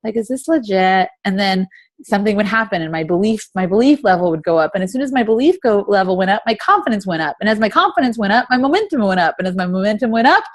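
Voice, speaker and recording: A woman's voice: medium pitch, animated, fast. A woman in her thirties leading a motivational team call over video chat, full of rhetorical questions. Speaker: team leader.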